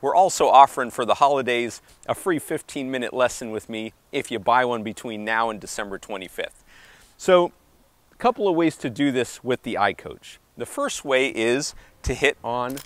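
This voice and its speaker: A tennis coach talks viewers through forehand drills on an outdoor court. His voice sits in an ordinary middle register, and he counts beats out loud while he swings. His tone stays upbeat and encouraging, and he gets a little winded as he moves to the ball. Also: mid-range voice, lively intonation, normal speed, dry recording. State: slightly out of breath. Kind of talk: instructional on-court demonstration.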